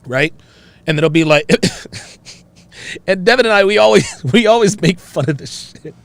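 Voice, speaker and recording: A man hosting a livestream, reading chat and joking in an animated, laugh-filled style. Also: high voice, a little slow, vocal fry, no echo. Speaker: host. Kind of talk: casual livestream commentary.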